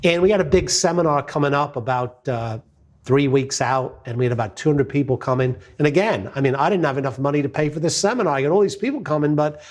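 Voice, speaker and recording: A middle-aged man telling a business success story as a lively, anecdotal monologue, acting out the quotes. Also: a little high, fast.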